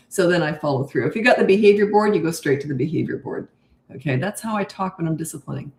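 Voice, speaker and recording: Taking live questions from viewers, this older parenting coach keeps her voice calm, low and leisurely. Her room echoes noticeably.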